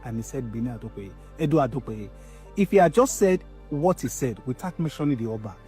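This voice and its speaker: Male commentator, calm explainer, soft music under him. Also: medium pitch. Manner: measured, explaining step by step.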